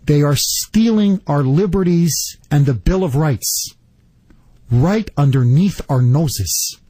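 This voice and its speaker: A male talk radio host ranting with indignant, rapid-fire energy. His voice is a little husky and sits fairly high, swinging widely up and down in pitch. The sound is dry and close. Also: animated, dark tone, dry recording. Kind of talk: political talk radio monologue.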